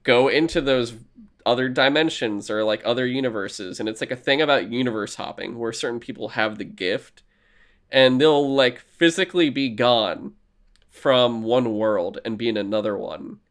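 Here a man co-hosting a podcast rambles profanely about TV shows, voicing his own reactions as if quoting himself. His mid-range voice moves at a normal speed.

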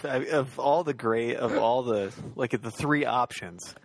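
A man's voice: medium pitch, unhurried, a little hiss or hum. A man co-hosting a podcast, telling school stories in casual chat and laughing as he goes. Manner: animated anecdote-teller who laughs through his stories. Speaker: podcast co-host.

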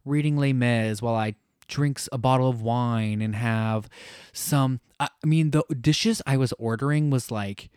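A man's voice: medium pitch, a little slow, a little mellow, clean tone, no room sound, studio quality. A man, co-hosting a podcast and telling a travel story in an effusive, gushing way. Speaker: podcast co-host. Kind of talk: casual travel chat.

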